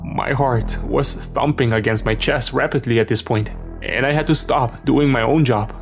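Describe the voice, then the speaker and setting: A man's voice: medium pitch, normal speed. A man narrating a horror story in a tense, dramatic scripted reading. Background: background music.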